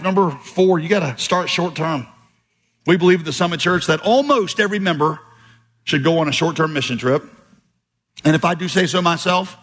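A man's voice: a little high, a bit bright. A man preaching a sermon as pastor, telling stories with quoted voices and emphatic turns. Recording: long hall reverb, slightly husky.

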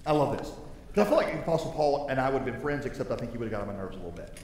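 A male pastor preaching a sermon in a big church, talking in a loose, conversational way that swings between soft and loud. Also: mid-range voice, expressive, rapid-fire. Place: large church sanctuary. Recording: echoey hall with faint noise.

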